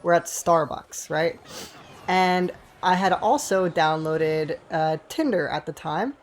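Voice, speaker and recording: This gaming storyteller, a man in his twenties, has a voice on the high side and takes his time. During casual gameplay he wanders through a swear-heavy story, often pausing for asides to his audience.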